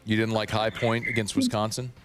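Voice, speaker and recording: A man's voice: fairly low pitch, little pitch movement, brisk, a bit bright, faint music behind. A man hosting a sports radio show, teasing and quizzing his mother in casual chat, with dry humor.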